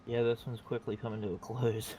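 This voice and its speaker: A man's voice: mid-range voice, little pitch movement, a little fast, crowd noise. A man chatting with friends while playing a game, trading teasing jokes and practical talk about the game. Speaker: co-player on stream. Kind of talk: casual chat while gaming.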